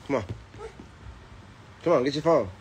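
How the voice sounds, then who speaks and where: A man's voice: mid-range voice, animated, normal speed. A young man and father, chatting casually on a vlog while he films his toddler, laughing and teasing in a loose, profane way. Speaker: vlogger and father. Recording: noisy home video.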